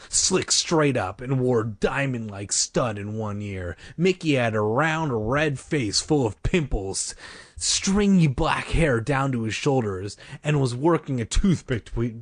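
An expressive male narrator reading a story aloud, his pitch moving a lot to carry the scenes. The recording is dry and close, with no room sound. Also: takes it slowly, no echo. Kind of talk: audiobook reading.

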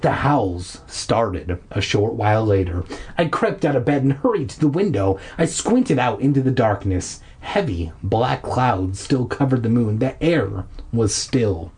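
A man reading a storybook aloud in a relaxed, irreverent way, with a husky, breathy voice. His pitch moves around a lot as he goes. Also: a little slow. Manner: irreverent, laughs and swears at his own slips. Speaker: reader of a children's horror novel. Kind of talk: casual audiobook reading with jokey asides.

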